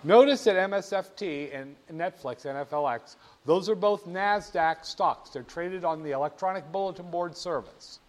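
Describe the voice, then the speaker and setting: A man teaching about stock charts in an animated, playful way, often asking the viewer rhetorical questions. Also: sits high, moderate pace, few pauses. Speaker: finance instructor. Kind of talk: screen-share lesson on market charts.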